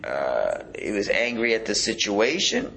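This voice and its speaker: A rabbi leads a Torah class with a lively, swooping voice. He talks casually and keeps asking his listeners questions. A faint hum of room ambience sits behind him. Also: lowish voice, a little slow, gravelly. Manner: animated, conversational, rhetorical questions.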